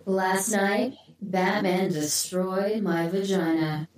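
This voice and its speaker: A woman's voice: mid-range voice, fairly even intonation, darkish tone, voice pushed up, lightly acted. Someone doing a crude, echoey female announcer. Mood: mock dramatic. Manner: slow, drawn-out, vulgar announcing. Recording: echoey from far off.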